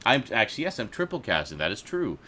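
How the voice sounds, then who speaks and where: Bright-toned, rambling male stream host. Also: on the low side, huge pitch swings, quick pace. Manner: rambling, laughs often, swears casually. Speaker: livestream host. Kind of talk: casual livestream chat. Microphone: desk USB microphone.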